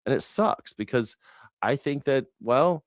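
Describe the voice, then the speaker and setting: A man's voice: medium pitch, animated, measured pace, no room sound, studio quality. A man hosting a casual news reaction talk, rambling and sarcastic with profanity and frequent restarts. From United States. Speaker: independent news and culture commentator.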